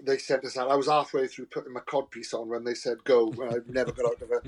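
A man, a guest actor telling lively anecdotes, laughing often and acting out voices. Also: mid-range voice, fast, slightly rough, poor audio. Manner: animated storyteller, laughs often, acts out voices. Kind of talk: anecdotal chat.

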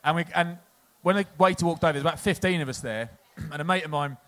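A man from England with a slightly higher voice spins a rambling anecdote for a live crowd. He is loose and chatty and laughs at his own stories. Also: fast talker, fairly bright tone. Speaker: podcast co-host, former rugby player. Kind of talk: casual anecdote-telling before a live audience.

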